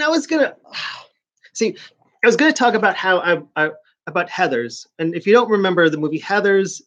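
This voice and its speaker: A man in his forties with a New York accent chats casually with viewers on a live stream, rambling in a stop-start way. His voice sits high with a fairly bright tone, and the stream audio is dull and lo-fi.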